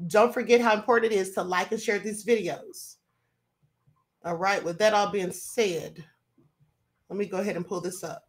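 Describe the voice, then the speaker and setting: A woman's voice: medium pitch, fairly even intonation, moderate pace, long pauses. A woman hosting her own show, giving indignant commentary full of rhetorical questions. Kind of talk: casual commentary.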